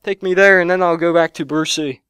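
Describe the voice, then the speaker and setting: A young man giving excitable gameplay commentary on his own gaming channel, shouting and yelping at the game between quick chatter. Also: on the high side, clear, resonant tone, dry recording. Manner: loud, yelps and shouts at the game. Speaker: let's play gamer. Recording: lo-fi restored audio.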